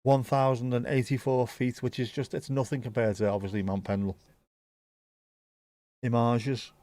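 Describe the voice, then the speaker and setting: A man's voice: mid-range voice, little pitch movement, moderate pace, warm tone, dry recording. A man hosting a live match watchalong, chatting casually and rambling between dad jokes. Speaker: watchalong host.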